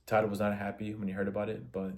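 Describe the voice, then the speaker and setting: A man giving a spoken film analysis for a class assignment, measured and in short phrases with restarts. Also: fairly low pitch, completely flat delivery, a little mellow. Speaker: student.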